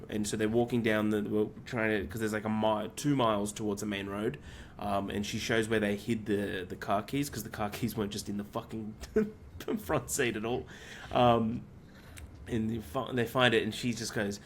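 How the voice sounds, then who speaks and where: A man with a fairly low voice talks through a story on a film podcast, piling on "um"s and loose asides. He speaks casually and swears easily. The delivery is relaxed and conversational, with a faint hiss of noise behind him. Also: moderate pace. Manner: rambling plot retelling with many fillers. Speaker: podcast co-host.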